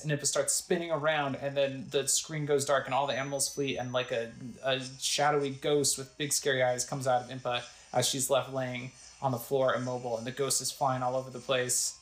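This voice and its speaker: A woman's voice: extremely low pitch, level tone, brisk, hardly any pauses, echoey room, low-quality recording. A woman casually narrating a video game playthrough, describing the screen and reading its text aloud. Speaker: gamer narrating a let's play.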